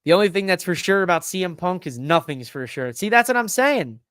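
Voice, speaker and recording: A man hosting a podcast alone, talking in an excitable, rambling way that swears freely. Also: high voice, a little fast, no room sound, studio quality. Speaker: podcast host. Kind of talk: casual solo wrestling recap.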